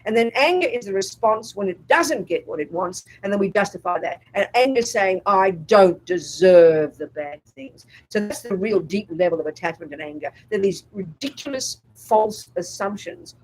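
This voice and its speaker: A Buddhist nun gives a dharma talk at a retreat, speaking bluntly and emphatically, acting out inner voices in quotes and often asking whether the group follows her. Her mid-range voice is animated, darkish and slightly rough, moving at normal speed with hardly any pauses. The audio is poor.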